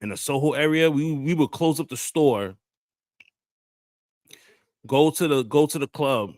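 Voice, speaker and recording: A man's voice: fairly high pitch, unhurried, a little mellow, dry recording, clean studio sound. New man telling crude stories. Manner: loose storytelling with crude slang, acts out quotes. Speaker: podcast host. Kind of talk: casual chat.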